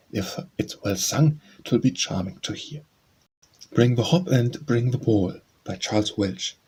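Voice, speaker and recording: A man reading nursery rhymes aloud as an audiobook narrator, announcing each title and author before a measured sing-song recitation. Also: fairly low pitch, darkish tone, breathy edge.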